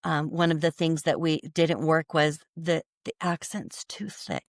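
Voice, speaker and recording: Brief: American woman CEO, interview guest, earnest storyteller, gravelly fry, dry close sound. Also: low voice, little pitch movement, a little slow, no echo. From United States. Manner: earnest, tells stories with quoted dialogue, frequent restarts. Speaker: company CEO, podcast guest.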